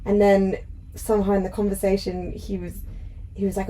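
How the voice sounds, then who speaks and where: A woman co-hosting a relaxed podcast, chatty and quick to break into a loud cackle. She sits close to the microphone. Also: medium pitch, rough recording. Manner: giggly, cackling laugh. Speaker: podcast co-host. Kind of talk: casual chat. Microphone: close podcast mic.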